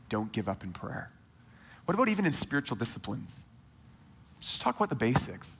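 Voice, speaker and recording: A man in his thirties preaching a sermon to a church congregation in a conversational, animated way, speaking straight to his listeners. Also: medium pitch, husky, long reverb tail. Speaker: pastor. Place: church sanctuary.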